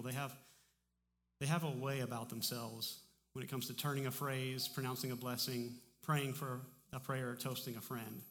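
A male pastor delivers a casual, conversational sermon, often stumbling and restarting his phrases. His mid-pitched voice carries a long reverb tail from the church hall around him. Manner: relaxed, conversational preaching with frequent restarts. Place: church sanctuary.

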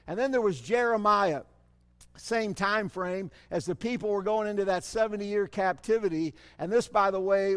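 High-voiced preacher in a reverberant hall. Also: male voice. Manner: animated preaching with sudden swells and drops; asks the congregation rhetorical questions. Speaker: pastor. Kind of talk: sermon.

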